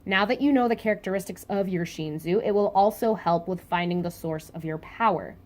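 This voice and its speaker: A woman reading aloud the lines of a calm, powerful male mentor figure in a measured way. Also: lowish voice, lightly acted.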